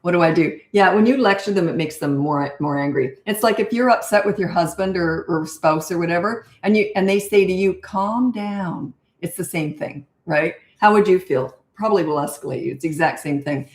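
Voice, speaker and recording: A woman's voice: on the low side, fairly quick. An older woman, a parenting coach, chatting bluntly and casually through a live Q&A where she reads out viewer questions. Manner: chatty and blunt, laughs at her own stories. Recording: echoey room.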